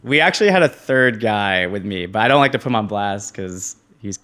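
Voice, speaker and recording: A man's voice: lowish voice, brisk. A man in his twenties, a podcast guest, telling a story casually and acting out other people's lines with jumps in his voice. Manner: animated, acts out quoted voices.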